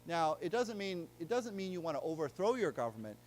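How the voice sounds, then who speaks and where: Slightly high-voiced man teaching vocabulary. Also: very animated, a little fast, a little hiss or hum. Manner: drills words and has the class repeat them; explains patiently in plain terms, checking understanding. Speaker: English teacher. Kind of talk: live classroom vocabulary lecture. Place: library lecture room with a live audience.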